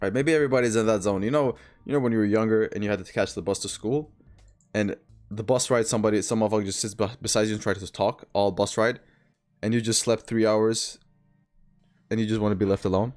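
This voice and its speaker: Guy on a trading stream, kinda low voice, loose and swears a bit, soft music in back. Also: steady tone, quick pace. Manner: loose, rambling, swears casually. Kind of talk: casual live-stream chat.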